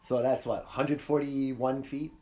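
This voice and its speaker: A man's voice: mid-range voice, flat delivery, slow, darkish tone. A man hosting a casual podcast, chatting about movies, acting out scenes in funny voices and laughing often. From Hawaii. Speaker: podcast host.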